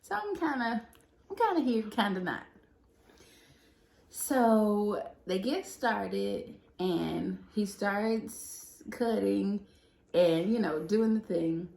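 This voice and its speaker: A woman's voice: medium pitch, expressive, takes it slowly, gravelly, darkish tone. A young woman casually telling the story of her baby's birth, laughing often as she talks. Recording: echoey room.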